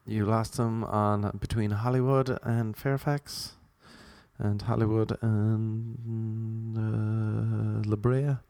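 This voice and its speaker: A man's voice: lowish voice, fairly even intonation, takes it slowly, gravelly, warm tone, dry recording, studio quality. A young Irish man with an Irish accent, rambling through a loose comic monologue and drifting off on tangents. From Ireland. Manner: loose, jokey, goes off on tangents. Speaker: comedian.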